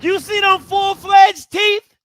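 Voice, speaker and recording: A man's voice: very high-pitched, flat delivery, takes it slowly, pushed and bright, raised voice. A man hosting a live reaction stream, talking in a blunt, slangy, joking way with lots of energy. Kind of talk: casual live reaction commentary.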